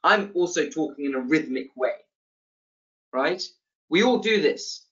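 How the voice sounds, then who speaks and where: A man teaching a casual literature lesson, relaxed, with many fillers and restarts. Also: a little high, measured pace. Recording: slightly dull lo-fi sound.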